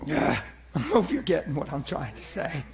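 A male pastor preaching with animated energy, acting out little voices and sound effects as he teaches. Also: on the high side, moderate pace, vocal fry. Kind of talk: sermon.

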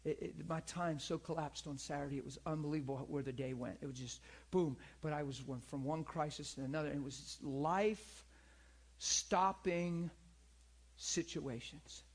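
Guy preaching kinda casual, pitch on the high side, earnest, keeps going "you see what i mean?". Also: quick pace, gravelly, few pauses, husky. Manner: animated, acts out people in high pleading voices; earnest, repeats himself, asks listeners for agreement. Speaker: pastor and teacher. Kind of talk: conversational church teaching.

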